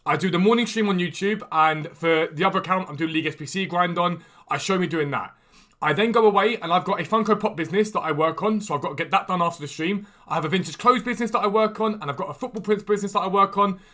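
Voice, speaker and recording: A man hosting a gaming livestream, chatting quickly and enthusiastically as he trades and answers questions from chat. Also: high-pitched, pushed and bright. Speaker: gaming streamer and video host. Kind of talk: casual livestream chat while trading in a football game. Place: room at home with a door.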